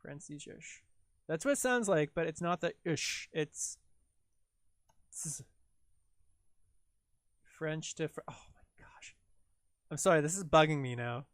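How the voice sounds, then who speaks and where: A man's voice: on the high side, measured pace, pauses often, no echo. A young man hosting a live stream, chatting casually and rambling in a giggly, self-deprecating way while he works.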